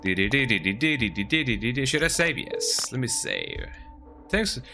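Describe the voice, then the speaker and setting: At home with a cat on his lap, a man streams a video game, speaking extremely slowly in a mid-range, gravelly voice over music. Chatty and lively, he talks casually to viewers as he plays and keeps tagging his sentences with "eh?".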